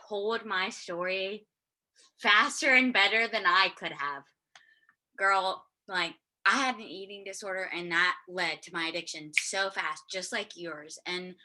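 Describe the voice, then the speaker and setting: A woman speaks in a heartfelt way to a friend in her support group. She talks slowly and with emphasis. Her voice has a bright, forceful edge. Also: medium pitch. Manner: warmly emphatic, calls the listener girl. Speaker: group member. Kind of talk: casual heartfelt share.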